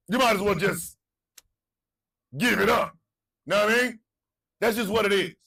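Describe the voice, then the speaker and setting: A man hosting a morning talk show, animated, chanting hype calls and ranting, swinging between shouts and low asides. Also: normal speed, gravelly, pauses often, distant mic, rough recording. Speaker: radio show host.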